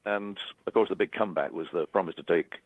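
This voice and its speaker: A man answering an interview question in a halting, reflective way, often repeating words as he searches for phrasing. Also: low-pitched, breathy edge, no echo. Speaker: interviewed musician. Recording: dry, tinny phone-like archival clip.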